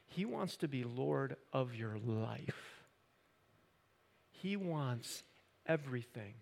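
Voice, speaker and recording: A pastor preaching a sermon into a microphone, building from quiet talk to loud, impassioned emphasis. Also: male voice, medium pitch, lively intonation, takes it slowly, vocal fry. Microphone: handheld or stand microphone. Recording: reverberant hall.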